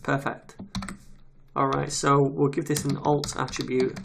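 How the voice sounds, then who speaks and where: A man with a medium-pitched, creaky voice walks through a web development tutorial, recorded from his screen. He's unhurried and flat in delivery yet casual and chatty, reading details aloud as he types while keyboard noise carries in the background.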